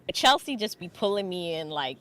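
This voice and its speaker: A woman's voice: fairly low pitch, big pitch swings, a little fast, a bit bright. A woman co-hosting a casual livestream chat, joking and teasing in a playful, sing-song way. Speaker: podcast co-host.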